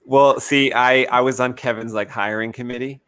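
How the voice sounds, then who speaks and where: Halting, mid-pitched male storyteller. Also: fairly even intonation, fairly bright tone, smooth, no echo, studio quality. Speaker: comic book artist. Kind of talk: casual chat, storytelling.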